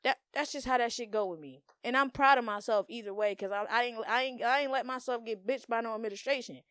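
A woman's voice: fairly high pitch, fast, a bit bright, dry recording, clean studio sound. Blunt, profane young woman podcaster. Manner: blunt, profane, emphatic, slangy. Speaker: podcast host. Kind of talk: casual monologue.

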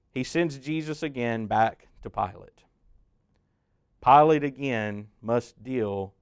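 Male preacher, guided-sermon narration, higher-pitched dry voice, big loud-to-hushed swings. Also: clean tone, dry recording. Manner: addresses the listener as "you", swelling loud then dropping hushed.

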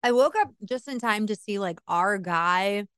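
A woman in her forties co-hosting a casual podcast, telling stories in an animated way and laughing often. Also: mid-range voice, measured pace, clear, resonant tone, no room sound, clean studio sound. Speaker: podcast co-host. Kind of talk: casual chat.

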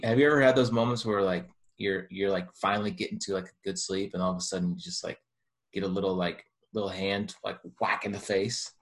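Deep-voiced rambling man co-hosting a podcast. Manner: rambling, many "like" fillers. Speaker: podcast co-host. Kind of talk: casual chat.

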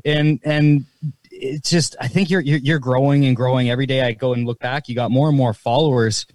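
A man from Canada asks questions in a friendly, halting way, repeating his words as he goes. His voice is mid-pitched. The recording is dry and close. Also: steady tone, a little mellow, no echo. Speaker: podcast co-host. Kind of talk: casual interview chat.

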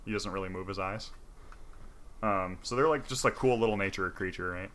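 A man's voice: low voice, brisk, a bit bright. A man casually retelling a game's story in loose, profane talk full of fillers.

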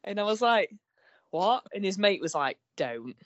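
A woman's voice: mid-range voice, normal speed, a little hiss or hum. A woman, a musician telling stories in a casual interview and acting out the voices of the people she quotes. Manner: animated storytelling, acts out quoted voices. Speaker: guest musician. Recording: dull lo-fi recording.

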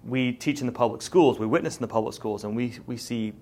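A man's voice: mid-range voice, fast. Conversational man preaching a sermon. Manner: conversational and storytelling, with lively jokes and asides. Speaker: pastor.

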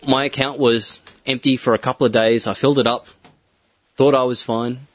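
A man with an Australian accent, co-hosting a casual chat and telling his story in a steady, matter-of-fact way. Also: medium pitch, moderate pace, dry recording. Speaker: podcast co-host.

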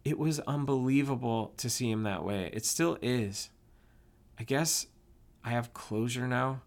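A man voicing a grieving young woman who speaks quietly in an audiobook. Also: medium pitch, unhurried, gravelly. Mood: subdued.

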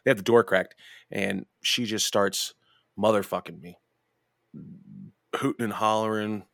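Young man, podcast host, low voice, dry close sound, swears freely, rambles, laughs through his stories. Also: brisk, vocal fry, a bit bright, no echo. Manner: rambling, profane, laughing, restarts often. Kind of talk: casual storytelling chat.

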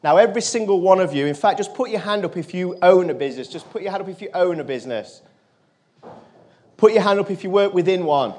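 High-voiced man telling a story. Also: lively intonation, fast talker. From England. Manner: earnest, drops his voice low and quiet for quoted lines. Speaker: motivational speaker. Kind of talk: storytelling speech to an audience.

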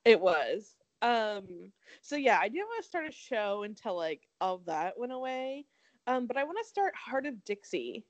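Bubbly young woman, kinda high voice, bounces around a lot, casual podcast chat. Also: very animated, moderate pace, no room sound. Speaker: podcast co-host.

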